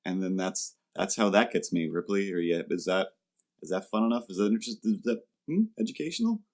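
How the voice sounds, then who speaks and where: Deep-voiced man telling a comic story. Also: a little fast. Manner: animated, acts out quoted customers in jumpy voices. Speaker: podcast host. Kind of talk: comedic storytelling chat.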